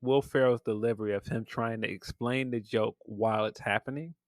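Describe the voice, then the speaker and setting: A man's voice: mid-range voice, steady tone, brisk, no room sound. A man co-hosting a podcast, chatting casually and acting out quotes while laughing. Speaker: podcast co-host.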